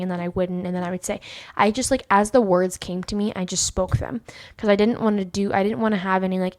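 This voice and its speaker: Rambling woman hosting a faith podcast. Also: mid-range voice. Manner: rambling storytelling with many fillers and restarts. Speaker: podcast host. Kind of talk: personal faith podcast monologue.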